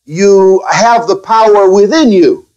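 Speaking slowly in a high-pitched voice, a pastor addresses his own church, pausing to restart and offering wry, softly sarcastic asides. The sound is lo-fi.

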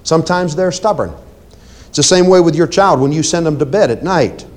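A man's voice: fairly high pitch, fairly quick. A man preaching a sermon on deliverance ministry, emphatic and commanding, repeating phrases and talking straight to his congregation. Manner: emphatic, swinging between loud commands and quiet asides.

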